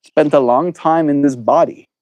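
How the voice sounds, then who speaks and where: A South African man in his twenties, chatting with viewers in a slow, musing way during a stream. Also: a little high, darkish tone, no echo, low-quality recording. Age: 20s. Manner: slow, drawn-out and musing, laughs easily. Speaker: daily livestreamer. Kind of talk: reflective stream chat with viewers.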